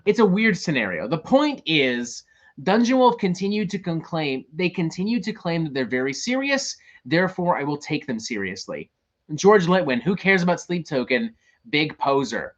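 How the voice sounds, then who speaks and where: A man's voice: fairly high pitch, big pitch swings, moderate pace, lo-fi sound. A man hosting a show, ranting in casual talk, profane and exasperated. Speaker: host.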